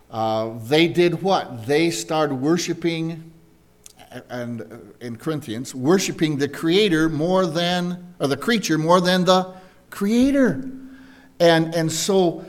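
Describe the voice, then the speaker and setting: A man preaching a verse-by-verse Bible lesson, slowly and deliberately, asking his listeners questions as he goes. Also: a little high. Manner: slow, deliberate, asks the congregation questions. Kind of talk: Bible teaching sermon.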